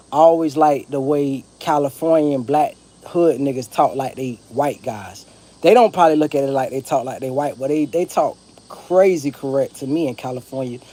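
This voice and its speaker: Here a Florida man from Broward County rambles through a vlog monologue to camera, laid-back and profane, in a Southern accent. His mid-range voice has a mellow quality.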